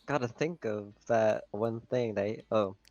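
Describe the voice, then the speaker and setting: A man at a tabletop game, sheepish, dropping to a quiet voice. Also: on the low side, unhurried, dull audio. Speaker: player. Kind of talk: tabletop role-play chat.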